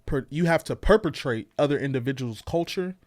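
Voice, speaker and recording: A man co-hosting a casual reaction show, agreeable and measured as he chimes in. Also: medium pitch, animated. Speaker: co-host.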